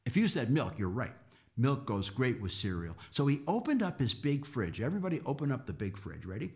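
A man telling a story to children, animated and coaxing them to act along and count with him. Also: medium pitch, a little fast. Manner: animated, coaxing kids to join in. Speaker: children's storyteller and folk musician.

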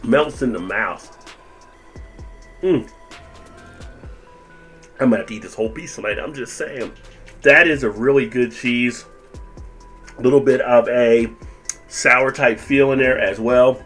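A laid-back man talks through a cheese tasting for his video channel, chatty and unhurried. He sometimes speaks with a full mouth, and his voice sits in a middle pitch. Faint music plays in the background. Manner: relaxed, chatty, tastes and comments with full mouth. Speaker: food and beer reviewer. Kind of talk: casual video review.

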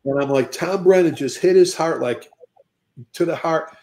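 A man chatting casually and telling lively stories as a fire service speaker. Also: fairly high pitch, moderate pace. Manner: animated storyteller. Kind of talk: casual chat.

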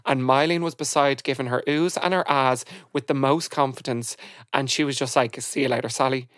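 A woman hosting a podcast, chatting in a lively, storytelling way. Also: a bass voice, moderate pace, dry recording, clean studio sound. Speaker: podcast host. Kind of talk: casual chat.

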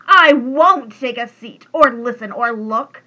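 Storybook: a woman doing a wheezy, furious tree-guardian man, high and slow, lo-fi tape. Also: exaggerated voice. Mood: raving. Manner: loud, ranting. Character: gruff angry male tree guardian creature.

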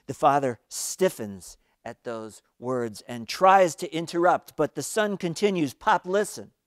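Preaching for an online worship service, a man gives an earnest, story-driven sermon whose emphasis swells and then falls away to quiet. He's a little high-pitched and keeps a measured pace. Clean studio sound with no room noise.

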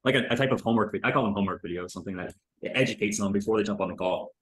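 A man's voice: fairly low pitch, rapid-fire, reverberant. A man reviewing a recorded sales call in casual commentary, loose and chatty, full of filler words and the odd swear.

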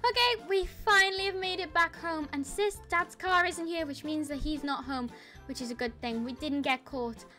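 High, bright-voiced woman squealing through gameplay. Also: moderate pace, soft background music. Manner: squealing, laughing, dramatic gasps. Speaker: gaming YouTuber. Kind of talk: excited roleplay gameplay commentary.

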